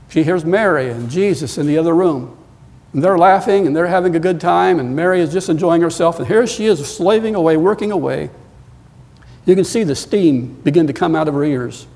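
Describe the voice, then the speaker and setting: A man preaching a sermon as pastor, telling stories and climbing louder and higher when he presses a point. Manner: storytelling, rising in pitch and volume when emphatic. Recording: long reverb of a large hall.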